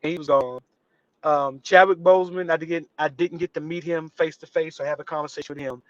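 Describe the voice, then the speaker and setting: A man with a fairly high voice speaks briskly as a guest actor on a live interview show. Animated, he tells a story and performs each character's quotes with changes in voice; the audio is lo-fi without room sound.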